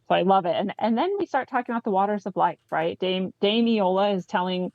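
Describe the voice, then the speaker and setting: Woman co-host, low and gravelly, keen book-club talker; dry, muffled audio. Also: animated, brisk, dry recording. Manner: enthusiastic, frequent "right?" asides. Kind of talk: casual book discussion, reading passages aloud.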